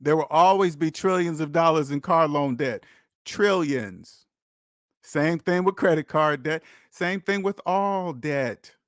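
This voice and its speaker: A man's voice: a little high, unhurried, no room sound, studio quality. A man hosting a personal finance channel, lecturing his viewers in an emphatic, repetitive monologue. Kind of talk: preachy direct-to-camera monologue.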